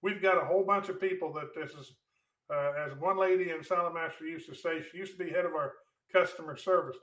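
Man, slightly high and bright, chatty co-host who laughs at his own stories. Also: fairly even intonation, quick pace, echoey room, distant mic, rough recording. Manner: jokey, laughs often, trails off mid-sentence. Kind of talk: casual chat.

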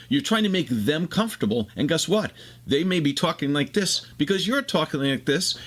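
A man's voice: a little high, expressive, a bit bright. A man hosting a casual conversation, explaining ideas at length. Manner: expansive, explanatory, fast bursts.

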